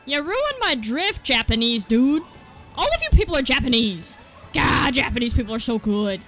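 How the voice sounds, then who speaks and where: A young woman giving excited gameplay commentary. She yelps, swears and laughs at herself as she plays. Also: high voice, normal speed, music in the background. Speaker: gaming video creator.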